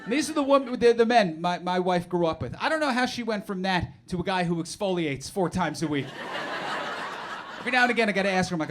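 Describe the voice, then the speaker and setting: A middle-aged man with a fairly high voice performs stand-up on a club stage. He talks in a sarcastic, animated way full of mock-outraged asides. The live recording carries clear audience noise behind him. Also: fast. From New Jersey. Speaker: stand-up comedian. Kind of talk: stand-up comedy set.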